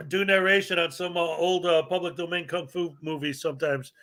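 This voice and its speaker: A rambling, joking man hosts a relaxed livestream chat. His voice runs high for a man. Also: brisk. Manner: rambling, joking, laughs often. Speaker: host.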